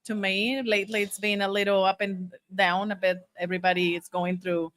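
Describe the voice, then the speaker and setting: A woman's voice: mid-range voice, little pitch movement, brisk, a bit bright. A woman restaurant owner being interviewed, friendly and polite, answering with "yes, sir.". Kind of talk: interview conversation.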